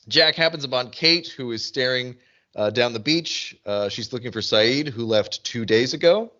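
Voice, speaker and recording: A man co-hosting a podcast in casual chat, animated and full of restarts as he talks. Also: mid-range voice, moderate pace, highs cut off. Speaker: podcast co-host. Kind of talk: casual chat recapping a TV episode.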